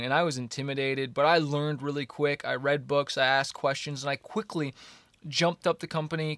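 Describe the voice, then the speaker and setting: Excited young man telling his story. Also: fairly high pitch, no room sound, clean studio sound. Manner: energetic, fillers like "man" and "you know", excitable. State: coughing a little. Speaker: musician vlogger. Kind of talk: casual storytelling to camera.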